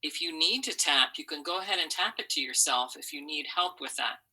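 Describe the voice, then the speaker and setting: A woman teaching a phonics lesson with an unusually deep voice and a sharp, bright edge to it. She walks students through each step patiently and models every sound for them to repeat. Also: lively intonation, a little fast, breathy edge, low-quality recording.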